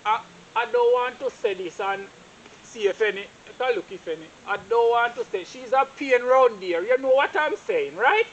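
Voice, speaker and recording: A curt, scolding homeowner with a Jamaican accent and a high-pitched voice, played by a man. His manner is blunt and dismissive. The recording is a little dull and has a faint hiss under it. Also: expressive, moderate pace, fairly bright tone. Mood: complaining. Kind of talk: low-budget drama acting.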